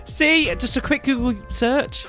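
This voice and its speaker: A young man hosting a casual quiz chat, teasing and quick to laugh. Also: very high-pitched, steady tone, over music. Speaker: podcast co-host, quizmaster.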